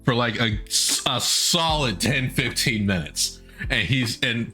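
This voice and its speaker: Animated man telling a rambling story. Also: medium pitch, slow pace. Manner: animated, rambling, laughing often, swearing casually. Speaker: podcast and stream host. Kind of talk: casual storytelling chat. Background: faint background music.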